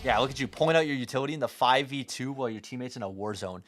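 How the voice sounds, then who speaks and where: A man's voice: mid-range voice, very fast, a bit bright. A young man giving blunt, profane, teasing critique as he coaches a player over a live stream. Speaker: game coach.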